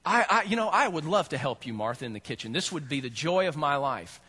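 A man's voice: on the high side, big pitch swings, fast talker, pushed and bright, slightly rough, in a large hall, pitched below the performer's own voice, full character voice. A man doing a sheepish young woman.

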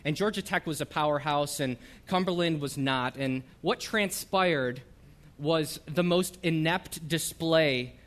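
A man's voice: on the high side, a little slow, fairly bright tone. A middle-aged man from the northern United States, a missionary, giving an informal church talk in a chatty, self-deprecating way with many ums and uhs. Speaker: ministry coordinator and missionary.

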